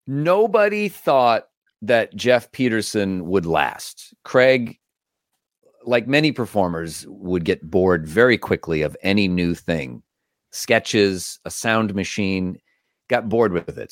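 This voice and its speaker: A man, a voice actor and comedian, telling stories as an interview guest in an animated way, acting out the voices of others. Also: lowish voice, dry recording, studio quality. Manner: animated, acts out quoted voices. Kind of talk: storytelling interview.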